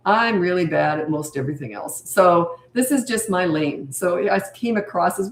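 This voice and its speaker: An older woman with a lowish voice talks chatty and emphatic, answering viewers' questions as a parenting coach on a live stream and hammering her main points home. The room around her gives a clear echo. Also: animated, normal speed, slight background noise.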